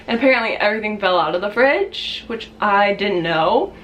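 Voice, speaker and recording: A young woman vlogger telling a casual storytime, chatty with lots of fillers, acting out quotes in shrill high voices. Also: animated, moderate pace, a bit bright, lo-fi sound, slight background noise.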